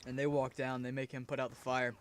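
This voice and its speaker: A young man and gaming YouTuber, casually telling a personal story over gameplay, with his voice trailing low and soft at the ends of lines. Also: little pitch movement, quick pace, a little hiss or hum.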